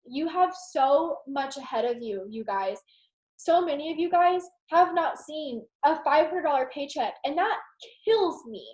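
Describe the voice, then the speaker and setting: A young woman giving a casual, rambling motivational talk to her team on a video call, animated and full of "like". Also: high-pitched. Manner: animated, rambling, heavy use of "like". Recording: roomy echo.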